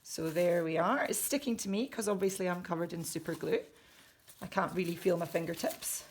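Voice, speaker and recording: A woman's voice: lowish voice, a little fast, slight background noise. A woman at home walking children through a craft, chatty and jokey, narrating each step as she works. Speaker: children's book author leading a craft.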